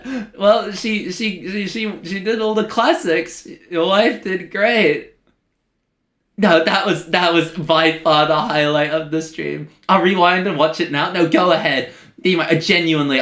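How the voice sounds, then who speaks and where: An excitable streamer talks through a live game and chats warmly with viewers. The delivery is unhurried between bursts of excitement. The voice sits in a noticeably roomy, echoing space. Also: mid-range voice, gravelly. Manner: excitable reactions, chatty with viewers.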